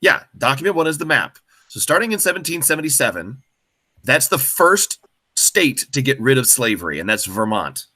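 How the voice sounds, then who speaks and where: A man's voice: medium pitch, sing-song, normal speed, pushed and bright, slightly rough, no room sound. A man tutoring classmates, patiently walking them through a history question by prompting them with questions. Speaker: student tutor. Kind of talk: explaining a history essay question.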